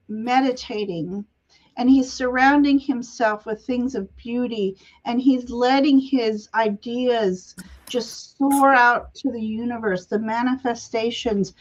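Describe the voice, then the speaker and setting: A woman host giving a live tarot reading, speaking gently and laughing often between phrases, on dull lo-fi livestream audio. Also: on the high side. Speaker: tarot reader and show host.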